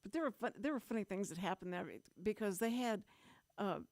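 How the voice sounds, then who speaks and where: A woman hosts a radio show and tells a story in casual, animated chat, with frequent laughter and quick asides. Her voice sits at a middle pitch. It is recorded close and dry in a studio. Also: dry recording.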